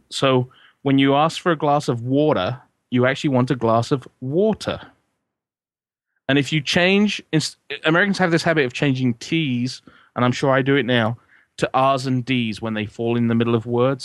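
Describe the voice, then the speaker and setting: A man's voice: mid-range voice, moderate pace, fairly bright tone, no echo. A man chatting casually as a guest, rambling with restarts and jokes. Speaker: guest consultant. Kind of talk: casual podcast chat.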